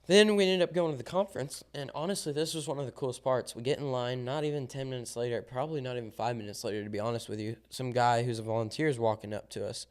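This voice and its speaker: A young man from Southern Illinois, co-hosting a podcast in casual chat, telling a lively story full of ums and likes. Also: medium pitch, quick pace, hardly any pauses. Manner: animated storyteller, acts out quoted dialogue, many ums and likes. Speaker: podcast co-host.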